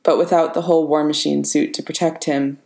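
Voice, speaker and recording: A woman voicing a weary, grounded male soldier hero who speaks quietly and wryly in an audiobook reading. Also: low voice, level tone, fairly quick, gravelly. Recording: roomy reverberant room.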